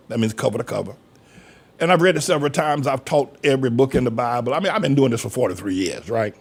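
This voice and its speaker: Gravelly older preacher, folksy. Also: male voice, medium pitch, lively intonation, fast talker. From North Carolina. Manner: folksy preaching, acts out quoted voices. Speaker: pastor. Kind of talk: sermon.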